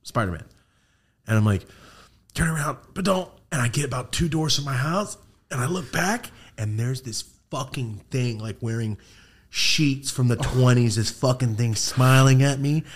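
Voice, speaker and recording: A man hosting a podcast, telling ghost stories in casual chat, with heavy swearing and animated delivery. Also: medium pitch, moderate pace, slightly rough. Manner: profane, animated storytelling. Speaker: podcast host.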